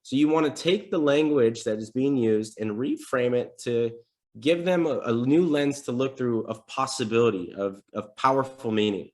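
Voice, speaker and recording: A man's voice: mid-range voice, moderate pace. A man coaching salespeople on a live stream, talking casually and energetically and acting out sample sales calls. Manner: energetic, conversational teaching with role-played examples. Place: home desk setup.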